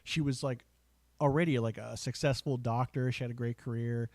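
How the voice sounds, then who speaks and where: A man's voice: medium pitch, fairly even intonation, moderate pace, darkish tone, no room sound. A man hosting a casual online show, rambling enthusiastically with lots of fillers and asides. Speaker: podcast host. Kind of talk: casual chat.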